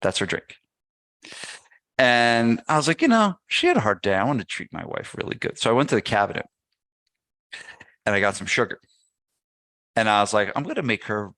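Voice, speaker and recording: With a fairly low, gravelly voice, a podcast guest who owns a gym animatedly recounts a casual anecdote, playing out what everyone said. It's studio quality with no room sound.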